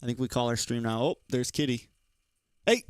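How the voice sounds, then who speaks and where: A young man, an esports shoutcaster, chatting casually and slangily on a live stream and laughing easily. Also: medium pitch, normal speed, clean tone, no echo, studio quality.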